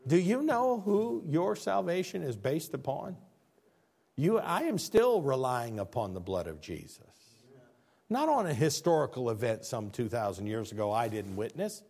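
Male preacher, sermon, reads scripture aloud, drops quiet and low then climbs loud and high. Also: lively intonation, moderate pace. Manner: reads scripture aloud in old-fashioned wording.

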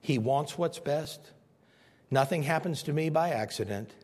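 A man's voice: fairly high pitch, a little slow, a little mellow, husky, big-room sound. A man pastor preaching a sermon, telling stories and emphatically repeating his key points.

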